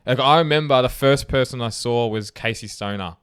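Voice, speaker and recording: A young man chats casually as a podcast co-host, reading out listener comments and dropping the odd swear word. His voice comes across smooth and resonant, recorded close and dry. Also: mid-range voice, a little fast, a bit bright, no room sound. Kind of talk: casual chat.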